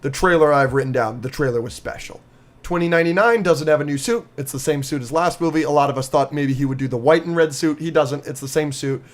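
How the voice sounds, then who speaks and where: A man co-hosting a podcast, recapping with excitement and lots of fillers in casual chat. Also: fairly high pitch, fast. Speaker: podcast co-host.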